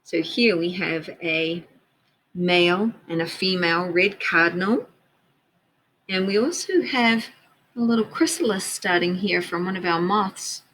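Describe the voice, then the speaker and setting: A woman teacher reading a picture book aloud to children, gently pointing out details in the pictures as she goes. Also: lowish voice, unhurried, a little hiss or hum, poor audio.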